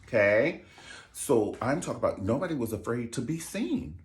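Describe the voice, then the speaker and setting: A young man vlogging casual commentary in a sassy, expressive way, swearing freely. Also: lowish voice, a little fast.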